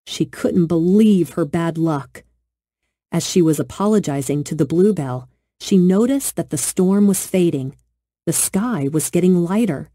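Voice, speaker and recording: A woman reads a children's storybook aloud in a gentle, expressive way. Her voice is lowish with a dark, mellow warmth, and the sound is dry and close. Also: a little slow, no room sound. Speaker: narrator.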